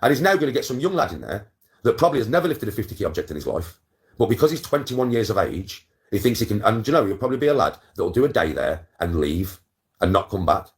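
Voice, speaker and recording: A man's voice: fairly low pitch, big pitch swings, quick pace. A man in his forties, telling a story to his viewers in a boastful, swearing, chatty way. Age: 40s. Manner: boastful, swears a lot, keeps checking in with viewers. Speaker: content creator. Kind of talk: casual storytelling to camera.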